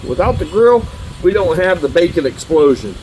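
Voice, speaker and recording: A man's voice: sits high, expressive, darkish tone, soft background music, poor audio. A man who runs a grill shop, tasting his own cooking in a casual demo and exclaiming with delight while he chews. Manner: enthusiastic, drawn-out exclamations of delight; talks while chewing.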